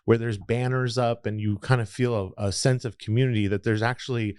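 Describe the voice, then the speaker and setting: A man's voice: medium pitch, fairly even intonation, brisk, a little mellow, smooth, no room sound, clean studio sound. A man, telling his story as a podcast guest in a reflective, rambling way. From Los Angeles area. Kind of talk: casual interview storytelling.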